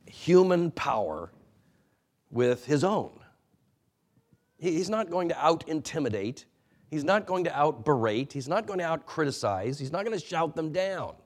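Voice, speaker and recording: Man preaching with dramatic loud-soft swings. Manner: dynamic preaching that swings between loud emphatic peaks and quiet low asides; earnest, admonishing. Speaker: pastor. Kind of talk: sermon.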